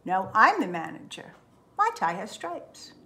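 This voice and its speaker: A woman voicing two fussy little mice who run a hotel, squeaky and bickering. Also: wildly swooping pitch, unhurried, pushed and bright, exaggerated voice. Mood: squabbling.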